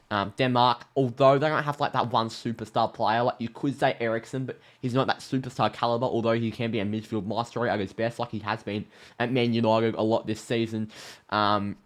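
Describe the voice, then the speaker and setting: An Australian man talks casually through his football predictions. He gets excited easily and fills his speech with ums and quick restarts. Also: mid-range voice. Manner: excitable, many fillers and restarts. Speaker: football video creator.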